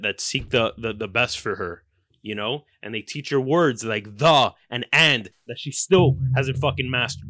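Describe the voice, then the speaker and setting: Male podcast host, profane comic ranter with loud outbursts, bright tone, dry close recording. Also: mid-range voice, dry recording. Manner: profane, exaggerated ranting with sudden loud outbursts. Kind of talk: comedic storytelling monologue.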